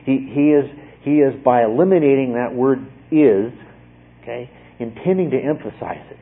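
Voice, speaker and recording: A pastor teaching a sermon, explaining step by step and often checking in with a questioning "okay?". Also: male voice, medium pitch, normal speed. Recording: tinny phone-like radio sound.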